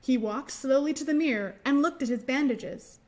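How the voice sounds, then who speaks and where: A woman librarian reading a picture book aloud and leading finger rhymes for young children, gentle and encouraging in a sing-song way. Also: high voice, normal speed.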